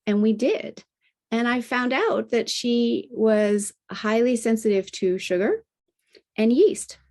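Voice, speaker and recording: A woman's voice: takes it slowly, darkish tone. A middle-aged woman, a health coach, telling a personal story in a conversational podcast interview and often adding "you know" and "right?". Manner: acts out remembered dialogue with lifted pitch. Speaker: guest, integrative health practitioner and health coach.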